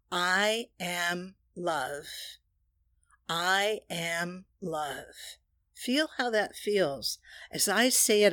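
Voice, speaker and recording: Slow, earnest woman spiritual teacher. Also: lowish voice, fairly bright tone, dry recording. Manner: slow, earnest, leads repeated affirmations. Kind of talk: metaphysical teaching talk.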